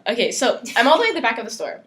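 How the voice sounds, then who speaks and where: A woman's voice: on the high side, racing, slight background noise. A young woman co-hosting a podcast, telling a work story in casual chat and acting out what people said, laughing as she goes. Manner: animated, acts out quoted dialogue, laughs while telling. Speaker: podcast co-host.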